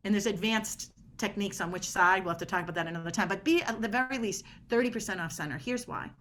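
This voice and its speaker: A woman's voice: mid-range voice, quick pace, fairly bright tone. A middle-aged woman guest on a podcast interview, explaining body language in an emphatic way and acting out quoted dialogue.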